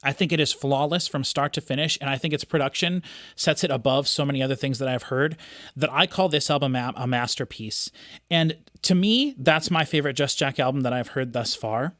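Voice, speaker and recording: A man's voice: mid-range voice, a little fast, fairly bright tone, dry recording, clean studio sound. A man hosting a music reaction video, talking enthusiastically off the cuff and often restarting his sentences. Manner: enthusiastic, rambling with many restarts and fillers. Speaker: music reaction host, audio engineer. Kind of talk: casual unscripted commentary.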